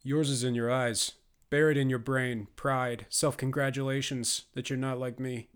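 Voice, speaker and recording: A man's voice: mid-range voice, flat delivery, normal speed, clear, resonant tone, natural voice. A man voicing a bitter, resentful obese male prisoner in an audiobook, speaking in a sneering, accusing way.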